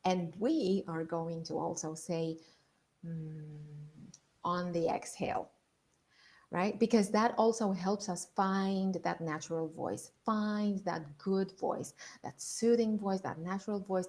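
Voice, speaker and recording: A woman leadership coach leading an online masterclass, calmly guiding listeners through breathing exercises and repeating her points. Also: fairly low pitch, unhurried.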